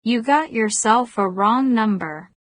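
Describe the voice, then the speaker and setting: A woman voicing a teasing Deep South woman with a smoky voice in an audiobook, speaking slowly. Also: lively intonation, dry recording, studio quality.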